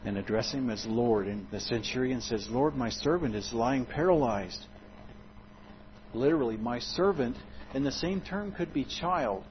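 Expressive male preacher. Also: highs cut off, slight background noise. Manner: expressive, dramatic swings in loudness and pitch. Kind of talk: sermon.

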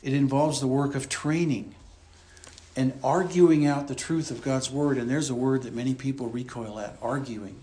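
A man's voice: medium pitch, steady tone, normal speed, warm tone. A man preaching a conversational expository sermon in a church, explaining and repeating his points as he goes. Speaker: pastor.

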